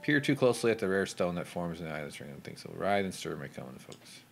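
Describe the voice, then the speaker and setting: A man's voice: deep voice, very animated, fast, vocal fry, soft background music. A man giving casual, crude, sarcastic commentary over a video game playthrough. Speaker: gameplay commentator. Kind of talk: casual let's play commentary.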